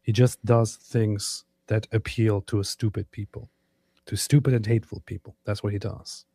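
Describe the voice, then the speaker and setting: A man's voice: fairly low pitch, fairly even intonation, normal speed, dark tone, slightly rough, no room sound, studio quality. A man co-hosting a casual reaction show, talking in an emphatic, sarcastic way. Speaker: co-host.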